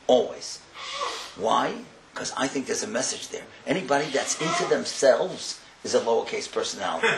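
A man giving a sermon as a storyteller, impassioned and building to loud emphatic bursts, sprinkling Hebrew and Yiddish words into his English. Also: medium pitch, gravelly. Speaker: rabbi speaker. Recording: echoey room with faint ambient noise.

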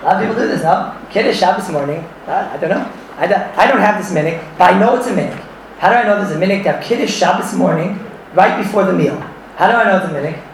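A man giving an animated Torah class to a room full of listeners, mixing in Yiddish and Hebrew terms and often laughing as he talks. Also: high-pitched, fast talker, a little hiss or hum. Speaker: Torah teacher. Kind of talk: lively halachic class. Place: room with audience. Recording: echoey room, far from the mic.

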